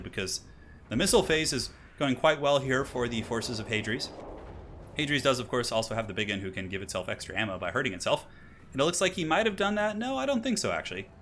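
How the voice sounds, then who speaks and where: A man calls a strategy game match at a rapid clip. His voice is bright and ringing, and it jumps high when the action heats up. A faint hiss sits behind the recording. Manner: fast, excitable play-by-play with sudden high exclamations. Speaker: esports caster. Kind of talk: live game commentary.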